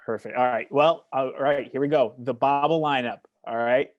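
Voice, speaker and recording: A man's voice: medium pitch, steady tone, normal speed, no room sound, muffled recording. A man appearing as a podcast guest, chatting casually in a playful, self-mocking way. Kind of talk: casual chat.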